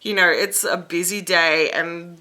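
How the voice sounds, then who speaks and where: A woman's voice: fairly low pitch, fairly even intonation, unhurried, pushed and bright. A young woman venting to camera in an angry, heavily sworn rant, acting out the exchanges she had with staff. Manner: heated, swears freely, acts out quoted exchanges. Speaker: vlogger.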